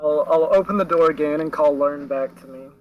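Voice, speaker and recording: A man's voice: on the high side, a little fast, lo-fi sound, slight background noise. A man playing a tabletop game, hesitant and stammering. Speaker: player.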